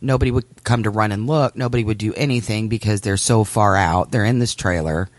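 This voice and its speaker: A man's voice: lowish voice, brisk, no room sound. A man co-hosting a casual podcast, musing and repeating himself as he works through his thoughts. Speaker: podcast co-host. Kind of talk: casual chat.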